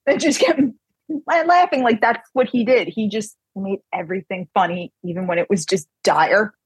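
A woman author telling an animated personal anecdote in casual chat, quoting the people in it. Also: medium pitch, moderate pace, slightly rough, no room sound.

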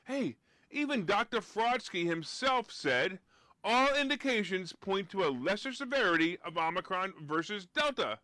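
Man hosting a live finance stream, high voice, bright and forceful, sarcastic, emphatic. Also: sing-song, normal speed, dry recording. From United States. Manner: emphatic and sarcastic, rising loud on punchlines. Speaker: host of a live-streamed finance talk show. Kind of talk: opinionated live-stream commentary.

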